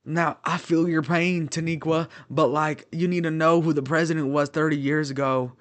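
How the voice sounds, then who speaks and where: A man's voice: on the high side, fairly even intonation, moderate pace, voice pushed up, close to an everyday voice. A man doing a brief impression of a folksy former male president, drawling and sympathetic. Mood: mock sympathetic.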